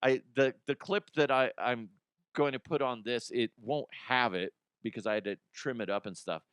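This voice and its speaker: Casting note: male host, loose profane comedic rant, smooth voice, dry close sound. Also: medium pitch, moderate pace, fairly bright tone, no echo. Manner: profane, rambling, acts out imagined people. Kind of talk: casual comedic news rant.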